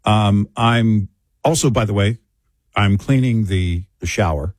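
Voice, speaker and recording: Older male co-host, lowish voice, dry close sound, rambling casual chat, grandfather type. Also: unhurried, dry recording. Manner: rambling, self-correcting, chatty. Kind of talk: casual talk show chat.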